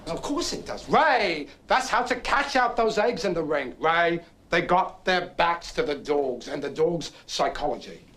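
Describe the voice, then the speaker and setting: A rambling racetrack storyteller. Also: male voice, on the high side, expressive, measured pace, few pauses, a bit bright, slight background noise. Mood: worked up. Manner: rambling, keeps prodding his listener with "right?". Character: restless, boastful young man spinning a racetrack story. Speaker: actor in a film drama. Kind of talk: stage-play film acting.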